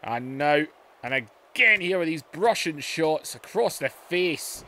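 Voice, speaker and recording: A man giving play-by-play wrestling commentary over a video game, excitable, dropping to low muttering and then shouting at the big moves. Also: slow. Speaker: gaming YouTuber.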